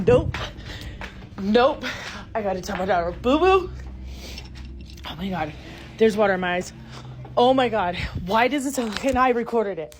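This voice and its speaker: A middle-aged woman filming inside her home on a handheld phone, talking to viewers in a breathless, alarmed, often hushed way. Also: mid-range voice. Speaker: homeowner filming her house. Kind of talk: frightened phone video to viewers. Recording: noisy home phone recording.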